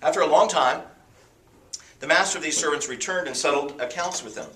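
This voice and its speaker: A man preaching a sermon, telling a story with animated pitch swings. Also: brisk, a little hiss or hum. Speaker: pastor. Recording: echoey hall from far off.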